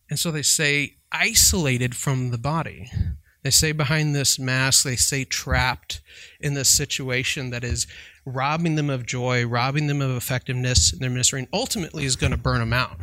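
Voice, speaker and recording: A man's voice: mid-range voice, fairly even intonation, normal speed, pushed and bright, dry recording. A man who works as a Christian counselor, giving a conversational faith talk and often checking in with "right?". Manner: conversational, keeps asking "right?"; chuckles while telling stories. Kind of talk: casual faith teaching.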